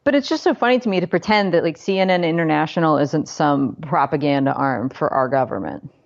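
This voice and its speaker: A woman with a fairly low voice talks through the news in a chatty, sarcastic way and keeps dropping dry asides. The podcast audio is dull and lo-fi, missing some sparkle. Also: lively intonation, fairly quick. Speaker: podcast co-host. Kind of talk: casual political chat.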